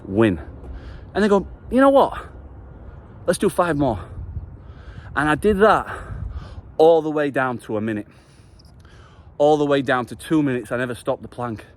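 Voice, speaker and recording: A man's voice: on the high side, moderate pace, pauses often. Passionate man giving a motivational talk. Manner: passionate, earnest, swears casually. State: just finished a workout. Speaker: vlogger. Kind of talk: motivational vlog monologue.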